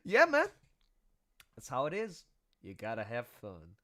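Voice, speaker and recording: A man's voice: medium pitch, huge pitch swings, unhurried, fairly bright tone. A man chatting casually on a livestream, playful and rambling, laughing easily. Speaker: streaming artist. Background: music.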